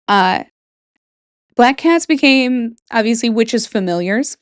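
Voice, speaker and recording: A woman's voice: fairly high pitch, unhurried, long pauses, smooth, no echo, studio quality. A young woman from Michigan, speaking with a Michigan accent, hosts a casual solo talk about folklore from her bedroom, chatty and joking with whispered asides. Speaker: podcast host.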